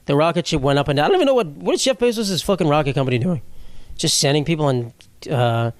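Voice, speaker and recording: A man's voice: a little high, animated, fast, no echo. A young man hosting a solo comedy podcast, rambling and swearing as he mocks himself. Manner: profane, rambling, self-mocking. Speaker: podcast host.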